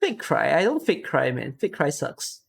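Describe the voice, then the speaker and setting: A streamer talks casually into a close desk mic, worn out and audibly emotional. The voice sits in a middle pitch and keeps jumping into excited bursts before settling back into tired, sentimental chat. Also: normal speed, creaky, husky. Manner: emotional, excitable, near tears. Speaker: streamer reading follower names.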